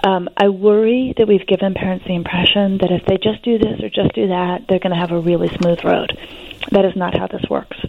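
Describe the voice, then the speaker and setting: A woman, a guest expert on adolescence, explaining teenage development in an interview in an animated, reassuring way with frequent fillers. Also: medium pitch, a little fast, creaky, noisy background. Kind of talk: interview conversation. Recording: tinny phone-line sound.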